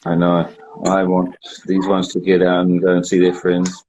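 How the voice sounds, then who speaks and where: A man's voice: low-pitched, monotone, moderate pace, darkish tone, rough recording. Man, forties, casual joking chat, self-mocking, video call from home. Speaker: director hosting a watch party.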